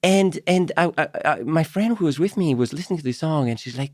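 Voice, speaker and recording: This guest is a middle-aged professor from Greece, animatedly sharing stories in a podcast interview, often laughing and repeating words when starting. He speaks fast in a fairly high, expressive voice with few pauses, captured in studio quality without echo.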